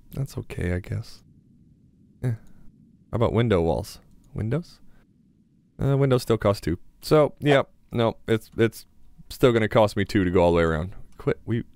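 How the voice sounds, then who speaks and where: A man's voice: on the low side, a little mellow, no room sound. A young man giving casual gameplay commentary as a gaming YouTuber, chatty and mildly sarcastic as he talks to himself.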